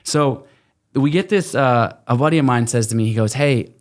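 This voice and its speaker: A man's voice: medium pitch, moderate pace. A man in his thirties telling a story in a casual interview, full of fillers and acting out other people's lines. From United States. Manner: animated, acts out quoted voices, many fillers. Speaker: guest.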